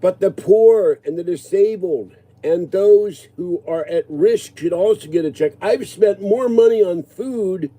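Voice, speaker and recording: A man's voice: high-pitched, warm tone. A man in his sixties ranting casually to his viewers, agitated and rambling. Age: 60s. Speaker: livestreamer answering viewers.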